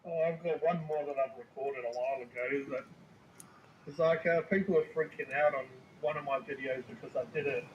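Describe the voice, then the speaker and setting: On a live stream, a man with a mid-range, fairly even voice talks briskly and casually about his food review videos, rambling and swearing freely. The audio is dull, with a roomy space and faint ambient noise.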